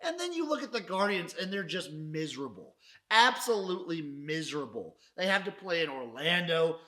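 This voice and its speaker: Brief: male sports podcast host, profane mock-dramatic ranter, bright tense voice. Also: fairly high pitch, big pitch swings, moderate pace. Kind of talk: casual sports recap rant.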